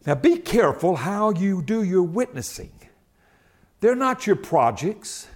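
Male preacher, high voice, fervent shouts and sudden hushed asides. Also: very animated, unhurried. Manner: swings from loud shouting to quiet low asides. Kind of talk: sermon.

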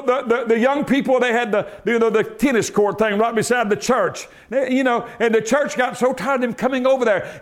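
A man preaching a sermon, swinging between loud, shouted exhortation and quiet, low asides.

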